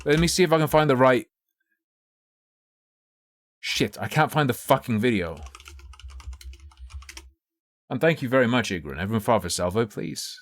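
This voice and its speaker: A man's voice: mid-range voice, expressive, normal speed, pauses often. A man streaming live, chatting casually and thinking aloud in a rambling, profane way. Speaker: livestreamer.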